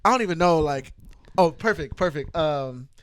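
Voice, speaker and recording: A man's voice: on the high side, lively intonation, normal speed, dry recording. A man co-hosting a casual podcast chat, rambling and slangy, often restarting his sentences. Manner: rambling, restarts a lot, laid-back slangy. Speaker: podcast co-host.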